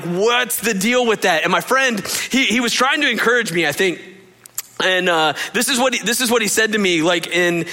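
A man's voice: sits high, bright, forceful tone. A man preaching a conversational sermon as a pastor, earnest and confessional, speaking straight to his listeners.

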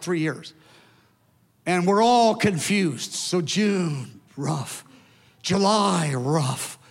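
A man in his seventies preaching a sermon to his church, telling a story in an animated, emphatic way with conversational asides. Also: fairly high pitch. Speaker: pastor. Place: large church hall. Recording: long hall reverb.

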